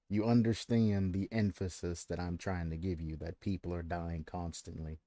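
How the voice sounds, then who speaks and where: A man's voice: deep voice, little pitch movement, moderate pace, dark tone, dry recording, clean studio sound. A man hosting a stream, ranting at length with plenty of swearing and repeating himself as he makes his point. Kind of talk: casual ranting stream commentary.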